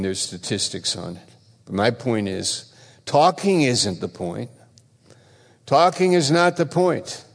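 Male pastor, unhurried and gravelly, preaching with emphatic repeats and loud stresses in a long-reverb church hall. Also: fairly low pitch. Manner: emphatic, repeats phrases, swings between loud stresses and quiet asides. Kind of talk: sermon.

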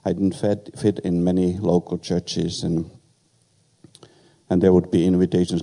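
An older man with a foreign accent, sharing a personal testimony with humor as a guest speaker at a church, in a halting storytelling way with many fillers. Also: low voice, flat delivery, vocal fry, dark tone. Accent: foreign accent in English.

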